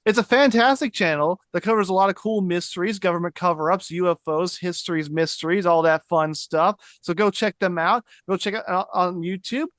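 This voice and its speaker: A man's voice: sits high, fairly bright tone, dry recording. A man on a casual panel, talking with jokey enthusiasm. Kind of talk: casual chat.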